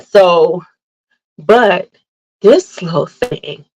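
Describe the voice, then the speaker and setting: A woman hosting a casual livestream, telling animated family stories, laughing often and greeting viewers by name. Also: fairly low pitch, drawn-out words, rough recording. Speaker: livestream host chatting with viewers. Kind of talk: casual chat.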